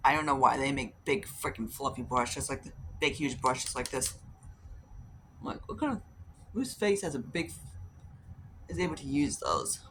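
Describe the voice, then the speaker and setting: A woman talks through her makeup routine in a loose, rambling way, drifting into stories and putting on little voices for the people in them. Her voice is bright and forward, with a faint hiss of noise underneath. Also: extremely low pitch, expressive, moderate pace, long pauses. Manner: rambling, chatty, acts out quoted voices, swears casually. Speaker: beauty vlogger. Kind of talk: casual chatty storytelling while doing makeup.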